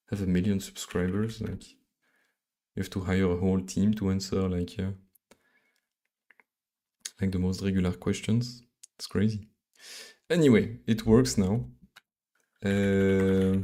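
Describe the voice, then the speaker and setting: A man from Belgium with a French accent, live-coding on a stream and thinking aloud in a halting, mumbling way full of fillers and restarts. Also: low voice, steady tone, dark tone.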